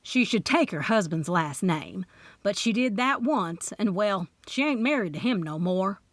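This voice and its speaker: A woman voicing a brassy, nosy older aunt with a slow drawl in an audiobook. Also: mid-range voice, expressive, dry recording. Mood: gossipy. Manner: drawling, bossy and gossipy. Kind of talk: audiobook character voice.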